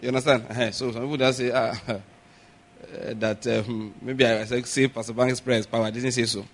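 A male pastor delivers a sermon, questioning the congregation, having them repeat his words, and building to loud, emphatic preaching. His voice sits at medium pitch with a level tone and a slightly fast pace.

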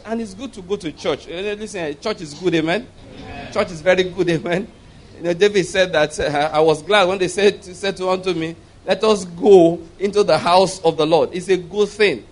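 A man's voice: sits high, fairly quick. A man preaching a sermon, reading scripture aloud and pressing his points with repeated questions to the congregation. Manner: emphatic, repeats and asks the audience to follow.

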